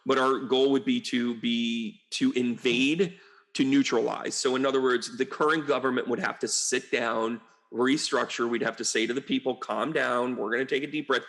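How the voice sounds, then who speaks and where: A man's voice: mid-range voice, normal speed. A man, a psychic medium, rambling through casual commentary full of asides and exasperated outbursts. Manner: rambling and animated, with frequent asides and mocking quotes. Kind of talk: casual political commentary monologue.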